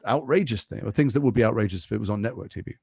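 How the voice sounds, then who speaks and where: An English man in his fifties, a guest actor in a podcast interview, telling stories quickly with lots of asides. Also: lowish voice, gravelly, breathy edge, dry recording, studio quality. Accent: English, Liverpool and London mix. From England. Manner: fast, animated storytelling with asides.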